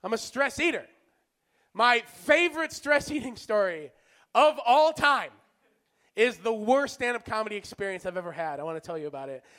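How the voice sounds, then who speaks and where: High-voiced self-mocking male comic. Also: expressive, normal speed. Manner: self-mocking, swings between loud and soft. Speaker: stand-up comic. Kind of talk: stand-up storytelling.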